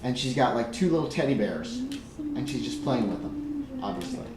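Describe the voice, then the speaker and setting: A man's voice: medium pitch, huge pitch swings, moderate pace. A man running a tabletop game as game master, hesitant and full of restarts. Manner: hesitant, many ums and restarts. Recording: echoey room with background noise.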